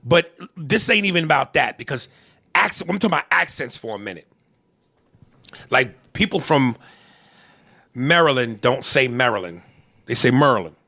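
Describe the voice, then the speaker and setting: A man riffing on a comedy podcast with a bright, forceful voice that leaps all over its range. His talk is crude and profane, and he slips into mimicked accents. The recording is dry and close. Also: mid-range voice, lively intonation, moderate pace, gravelly, pauses often, slightly rough, no room sound. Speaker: podcast co-host.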